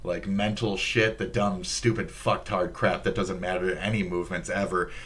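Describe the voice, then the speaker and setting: This streamer's low-pitched voice stays fairly even at a normal speed, with a slightly bright quality. He's a Minnesota man with the local accent, loosely rambling and swearing in relaxed livestream talk.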